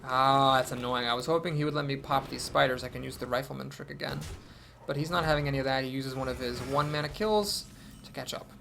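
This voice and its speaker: A man's voice: medium pitch, fast, vocal fry, fairly bright tone, slight background noise. A man thinking aloud as he commentates his own card game, with wry asides. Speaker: gameplay commentator.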